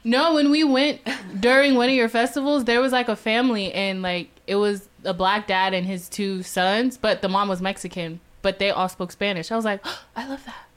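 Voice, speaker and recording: A woman's voice: mid-range voice, normal speed, hardly any pauses. A woman guest on a podcast, chatting casually and acting out quotes as she tells stories. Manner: animated storyteller, acts out quotes. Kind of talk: casual chat.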